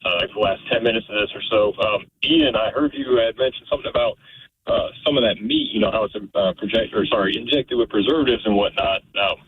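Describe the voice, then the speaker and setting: A caller on a thin, tinny phone line with a faint hiss behind him. He talks quickly but haltingly, full of pauses and restarts. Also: lowish voice. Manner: hesitant, halting. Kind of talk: phone-in question.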